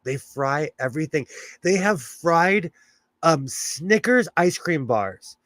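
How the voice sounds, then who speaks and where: A man's voice: a little high, lively intonation, slow, fairly bright tone, dry recording. A man chatting casually on his live stream, reading the chat and laughing often. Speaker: livestream host reading chat. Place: home in California.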